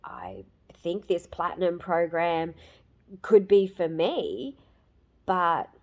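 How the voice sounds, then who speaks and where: A woman in her fifties giving a candid, emotional personal testimonial, with many fillers and pauses. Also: fairly low pitch, a little mellow, dull audio. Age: 50s. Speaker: program client giving a testimonial.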